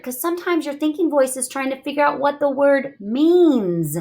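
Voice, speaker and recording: A woman teaching young children in a read-aloud lesson, asking questions in an expressive, encouraging way. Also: sits high, normal speed.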